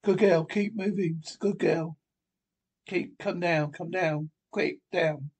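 Male solo reader, raised pitch and a breathy edge, performs every part of a tense script with urgency. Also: takes it slowly. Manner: urgent, acts out every character himself. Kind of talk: one-man reading of a film script.

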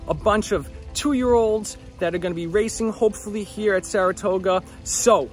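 A man hosting a casual walk-and-talk vlog at a racetrack barn, excited and chatty, sometimes stumbling over his words, recorded outdoors on a handheld camera. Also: sits high, normal speed, soft background music. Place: outdoors at a horse barn shed row.

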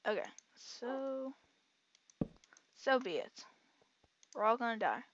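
A woman giving casual, excitable let's-play commentary, chatting to herself and her audience as she plays. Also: a little high, slow pace, muffled recording, noisy background. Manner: excitable, chatty, talks to herself while playing. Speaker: gaming channel host.

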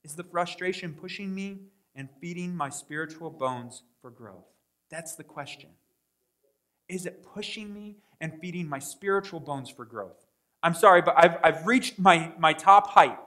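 A man preaching a sermon in a church, talking to the congregation in a conversational way, getting loud in some spots and dropping soft in others. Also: a little high, unhurried. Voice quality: tall speaker, says he is six five. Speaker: pastor. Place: church sanctuary.

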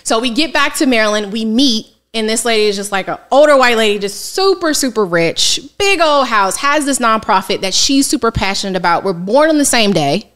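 A woman financial coach telling her story in a candid, casual interview, animated and colloquial. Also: a little high, fairly quick, few pauses. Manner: lively, colloquial, animated retelling with quoted asides.

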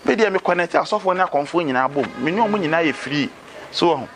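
A Ghanaian-accented man playing a streetwise adviser who persuades a friend, lively and mixing Twi with pidgin English, in a noisy outdoor scene. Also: fairly high pitch, a little fast, lightly acted. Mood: persuasive. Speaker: adviser urging a fetish priest.

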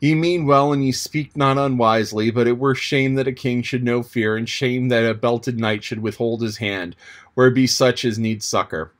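A stubborn, honor-bound medieval king speaks firmly in formal, old-fashioned words, as an audiobook narrator voices him. His voice has a plain middle pitch. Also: fairly even intonation, normal speed, natural voice. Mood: resolute. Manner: formal, archaic, resolute.

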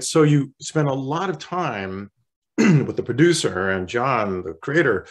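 A male voice actor chatting as an interview guest, relaxed and rambling, often clearing his throat. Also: medium pitch, measured pace. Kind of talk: casual interview chat.

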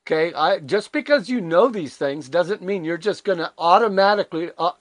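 A man's voice: high-pitched, expressive, moderate pace, dry recording. An older man preaching a conversational devotional sermon, emphatic and candid, full of rhetorical questions. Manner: candid and self-deprecating.

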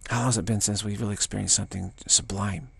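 A man's voice: lowish voice, fairly even intonation, quick pace, vocal fry, breathy edge, no echo. An older man giving an informal spiritual talk, rambling through anecdotes and acting out little dialogues with a chuckle. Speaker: spiritual teacher.

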